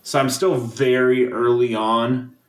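A man's voice: medium pitch, flat delivery, takes it slowly, echoey room. A man co-hosting a podcast in casual chat, joking and swearing freely. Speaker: podcast co-host.

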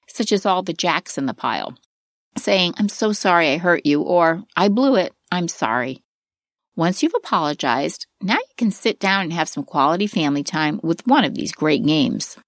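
A middle-aged woman giving scripted instructional narration for a parenting course, with a clear, expressive, advice-giving delivery. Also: lowish voice, dry recording, clean studio sound.

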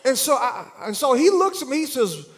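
High-voiced preacher man, lively storytelling. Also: fairly quick. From Alabama. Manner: animated humorous storytelling, turning earnest. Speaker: pastor. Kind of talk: sermon.

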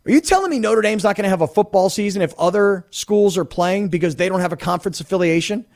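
A middle-aged man with a rather high voice holds forth on a sports radio show. He talks in a lively, rambling stream, now and then slipping into other people's voices to act out what they say. He speaks into a studio microphone. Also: fast. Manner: animated, rambling, acts out quoted voices. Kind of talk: sports talk radio monologue.

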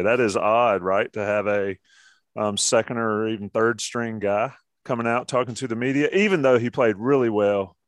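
A man's voice: lowish voice, no echo, clean studio sound. A man hosting a casual sports talk show, joking and steering the conversation. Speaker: podcast host.

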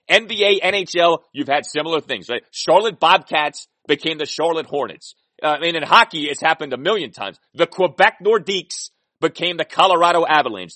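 A man's voice: a little high, a bit bright, no room sound. Emphatic man hosting a sports podcast. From Washington DC area. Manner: emphatic, repeats points for emphasis. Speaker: podcast host. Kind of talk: opinionated sports podcast monologue.

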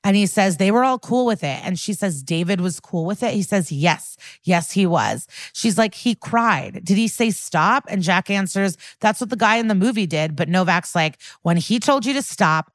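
A woman's voice: lowish voice, expressive, dry recording, studio quality. A woman co-hosting a podcast, casually recapping an episode and acting out lines from it with laughing asides. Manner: retells scenes with quick quoted lines, laughing asides. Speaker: podcast co-host.

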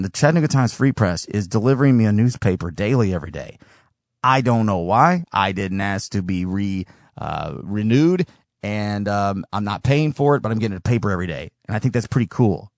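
A man's voice: fairly low pitch, lively intonation, a little fast, dry recording, clean studio sound. A man hosting and producing his own talk podcast, rambling casually with a sardonic edge. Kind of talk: solo talk show monologue.

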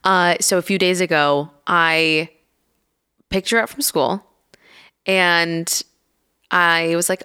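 Chatty woman with a gravelly low voice. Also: steady tone, normal speed, pushed and bright. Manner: chatty storyteller, lots of fillers. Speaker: podcast co-host, mother. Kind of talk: casual chat.

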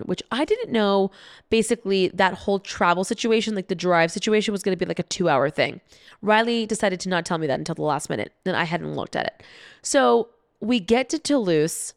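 A woman's voice: on the low side, gravelly, no room sound, clean studio sound. A young adult woman hosting a podcast, telling a travel story in a chatty way, with lots of "like" fillers, frequent laughs and some swearing. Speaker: podcast host. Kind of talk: casual storytelling monologue.

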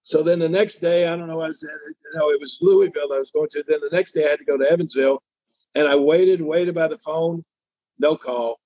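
A man's voice: fairly high pitch, steady tone, a little fast, dark tone, no room sound, lo-fi sound. An older man telling a long story in a casual interview, acting out the voices of the people he quotes. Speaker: interview guest.

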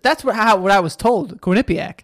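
A man's voice: sits high, moderate pace, a bit bright. A man hosting a podcast, teasing and joking through a casual comedic chat. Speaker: podcast host.

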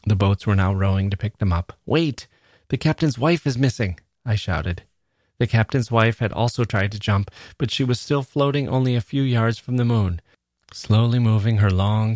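Low-voiced man reading a story aloud. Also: dry recording, studio quality. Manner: measured, expressive first-person narration. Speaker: podcast host reading a short story.

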